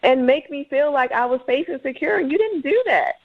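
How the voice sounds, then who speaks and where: A woman's voice: sits high, expressive, fairly quick, creaky, narrow, tinny audio. A woman calling in to a radio show, dramatic and indignant as she complains about a date. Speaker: caller. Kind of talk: upset phone-in call.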